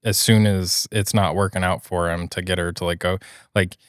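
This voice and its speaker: A man co-hosting a podcast, reading a post aloud in a steady way and then giving his views in relaxed chat. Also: low-pitched, normal speed, clear, resonant tone, dry recording, clean studio sound. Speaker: podcast co-host reading stories.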